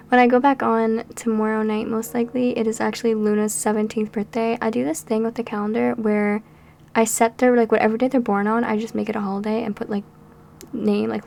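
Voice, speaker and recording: A woman's voice: fairly high pitch, creaky, darkish tone, a little hiss or hum. A nineteen-year-old woman from Canada, chatting in a rambling, tired way while narrating a game build at home. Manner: rambling and chatty, with frequent fillers. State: tired and a bit out of breath. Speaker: Sims builder and YouTuber. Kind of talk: casual chat over a speed build. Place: home room during a storm. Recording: background music.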